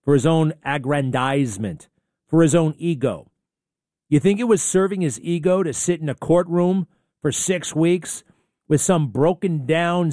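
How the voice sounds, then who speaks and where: A man hosting talk radio in a combative, sarcastic monologue, firing off rhetorical questions. His voice sits a little high and comes across dry and close to the mic. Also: a little mellow, no room sound.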